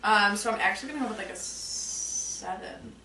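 A young woman guest giving relaxed ratings in a casual podcast chat, hedging with "like" and "um". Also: mid-range voice, moderate pace. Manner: easygoing, hedges with "like" and "um". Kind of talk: casual chat over food and drinks. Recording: echoey room, mic at a distance, background noise.

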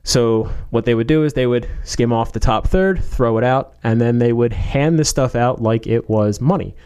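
A man's voice: mid-range voice, moderate pace, darkish tone, clear, resonant tone. A man in casual chat, rambling through a story with many fillers, restarts and joking asides.

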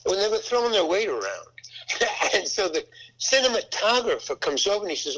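An older man, an actor, telling a rambling anecdote from a film shoot in a casual, halting way. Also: sits high, big pitch swings, a bit bright, husky, poor audio. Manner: rambling, halting, full of restarts.

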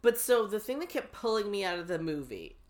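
A woman's voice: medium pitch, very animated, brisk. A woman co-hosting a casual movie chat, rambling and wry, with some swearing. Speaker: podcast co-host.

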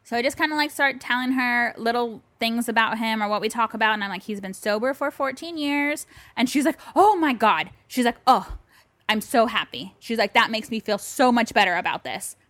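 Animated woman telling a story. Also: a little high, brisk, no echo. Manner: animated storytelling, acts out both sides of a phone call. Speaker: podcast co-host. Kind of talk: casual chat. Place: bedroom.

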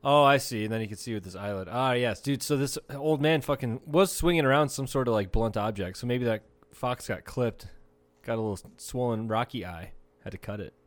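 A young man chats on a comedy podcast, trading jokes with his co-host and slipping into voices for the people he describes. He swears freely and laughs through his own stories, his pitch sitting in the middle for a man. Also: a little fast. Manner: profane, laughing storyteller, acts out quotes. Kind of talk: casual comedy podcast chat.

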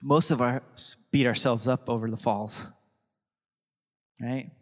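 A man's voice: mid-range voice, steady tone, takes it slowly, a bit bright, big-room sound. A young adult man preaching a sermon as pastor, chatty and anecdotal, often laughing between thoughts.

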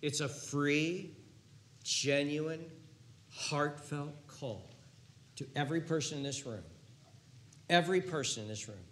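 Older preacher, hushed to booming. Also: male voice, animated, a little slow, roomy sound. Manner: impassioned, repetitive, swings from hushed to booming. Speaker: pastor. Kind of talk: sermon. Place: church sanctuary.

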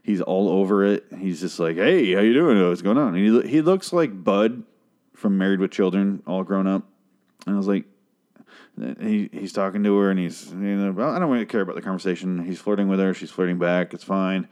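A man's voice: deep voice, brisk, darkish tone. A man casually recapping a TV episode, rambling, sarcastic and swearing freely.

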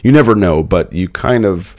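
Low-voiced man chatting, dry sound. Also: moderate pace, dry recording. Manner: animated storyteller, acts out quotes. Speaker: filmmaker guest. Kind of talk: casual interview chat.

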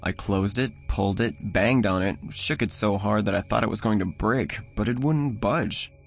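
A man narrating a first-person horror story in a measured, somber way. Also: fairly low pitch, creaky. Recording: voice over soft music.

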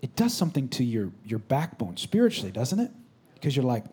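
Male pastor, 30s, husky voice, preaching a sermon in church; dynamic, from shouted lines to whispers. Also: medium pitch, very animated, a little fast. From California. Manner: swings from loud exclamation to soft whispered asides. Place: church sanctuary.

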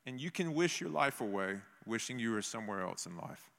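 A man preaching a sermon in an animated way, acting out voices from scripture. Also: medium pitch, brisk, gravelly, few pauses. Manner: animated, acts out biblical voices. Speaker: pastor. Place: church meeting in a gym. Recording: long hall reverb.

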